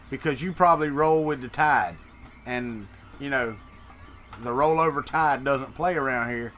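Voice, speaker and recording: With a mid-range, somewhat bright voice and a measured pace, a Deep South streamer from Florida chats casually with his audience, a faint hiss or hum audible. He speaks with a Southern American accent, jokes around, and reads and answers the chat.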